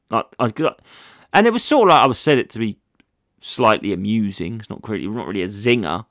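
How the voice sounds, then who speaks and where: Man, stand-up comic, gravelly voice, dry close sound, rambling swearing podcast chat. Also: lowish voice, very animated, brisk, a bit bright, dry recording. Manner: rambling, swearing, jokey storytelling. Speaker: comedian and podcast host. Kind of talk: casual solo podcast chat.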